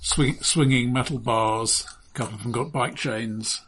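A man narrating as game master of a tabletop game, in a relaxed, halting way with frequent restarts. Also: mid-range voice, a little hiss or hum.

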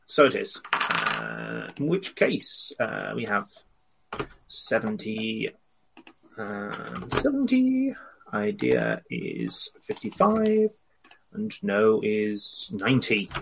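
Guy rolling dice, slow and wry, lots of ums, faint hiss behind. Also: on the low side, huge pitch swings, creaky. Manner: hesitant, wry, many ums and uhs. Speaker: player. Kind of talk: casual tabletop game chat.

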